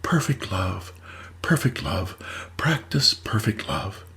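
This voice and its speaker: A man doing a hushed, low old guru. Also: very animated, takes it slowly, in a whisper, full character voice. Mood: serene. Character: calm, serene old male guru.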